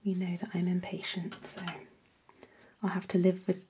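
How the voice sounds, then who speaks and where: A woman hosting a painting tutorial, chatting casually as she works and often dropping into soft whispers. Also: fairly low pitch, completely flat delivery, normal speed, slight background noise. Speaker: art workshop host.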